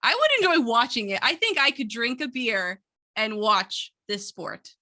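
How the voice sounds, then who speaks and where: A woman's voice: a little high, sing-song, normal speed, bright, forceful tone. A woman who produces a podcast, chatting in an upbeat, giggly, teasing way. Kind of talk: casual chat.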